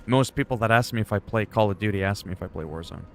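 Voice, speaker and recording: Lower-voiced man rambling over game music. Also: fast, vocal fry. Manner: rambling, joking, swearing. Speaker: streamer. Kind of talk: casual chat while gaming.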